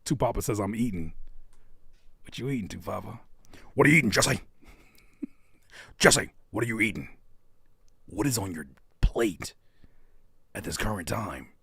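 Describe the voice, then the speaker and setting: A man's voice: fairly low pitch, measured pace, vocal fry, long pauses, breathy edge, no room sound, clean studio sound. A man hosting a live music stream, chatting casually and playfully teasing his viewers. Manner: animated and playful, reads chat aloud and teases viewers.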